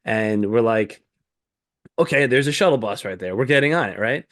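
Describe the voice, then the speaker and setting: A man co-hosting a podcast, telling a profane, animated story in casual chat and acting out the people in it. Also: lowish voice, moderate pace. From New York. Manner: animated, profane, acts out voices in anecdotes. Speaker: podcast co-host.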